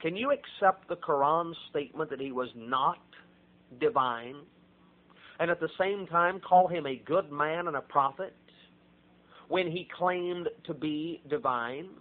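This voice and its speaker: A man's voice: on the high side, a little slow. An American man preaching a sermon, spelling out foreign words letter by letter and building to emphatic points. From United States. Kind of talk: radio sermon. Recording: tinny phone-like old recording.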